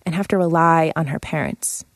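A woman narrating a radio feature in a measured, matter-of-fact scripted way. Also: low-pitched, dry recording.

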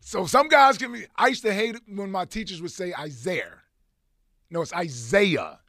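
A man co-hosts a sports radio talk show, his voice lively and swinging up and down. It has a gravelly edge, and the studio mic sounds dry and close. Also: sits high, fast talker, no room sound.

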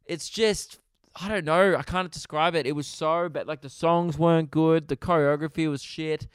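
A man's voice: on the high side, steady tone, moderate pace, clean tone, dry recording. A young man hosting a casual solo podcast, rambling and sarcastic, swearing freely into a close mic. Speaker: podcast host.

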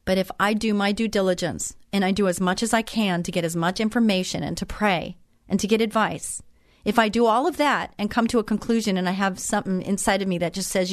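A woman hosts an inspirational faith talk show with an earnest, heartfelt delivery that wears her emotions openly. Her voice sits at a middling pitch for a woman, and the studio sound is dry and close. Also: fairly even intonation, a little fast, dry recording.

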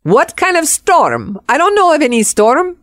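A woman's voice: high voice, huge pitch swings, unhurried, no echo, studio quality, pitched above the performer's own voice, heavily acted. A woman voicing a kind, bold cleaning lady with a Spanish accent. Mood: puzzled.

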